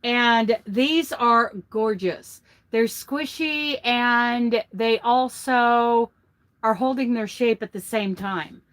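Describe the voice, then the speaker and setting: A woman's voice: fairly high pitch, slow, fairly bright tone. A woman hosting her crochet vlog, chatting and gushing over handmade gifts from a truck. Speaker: vlog host. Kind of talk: casual chat showing crochet gifts. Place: inside a truck.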